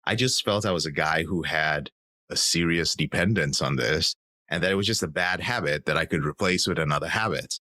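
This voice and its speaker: A man's voice: rumbling low, a little fast, sharp tone, dry recording. A man in his thirties, a podcast guest, telling his personal story in an earnest, reflective way. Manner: earnest, reflective, acts out quoted voices.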